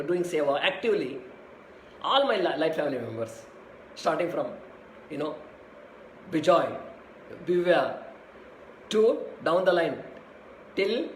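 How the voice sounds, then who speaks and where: A man preaches in a repetitive, affectionate way, often addressing his listeners as dear ones. His voice sits fairly high for a man. The recording is echoey, with a faint hum underneath. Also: big pitch swings, unhurried, long pauses. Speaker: spiritual teacher. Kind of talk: sermon.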